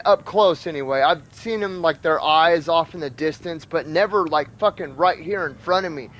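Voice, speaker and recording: A man hosting a gaming video, telling a story in a casual, animated, profane way and acting out sound effects. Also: a little high, a little hiss or hum. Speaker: gaming channel host. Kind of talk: casual storytelling over gameplay.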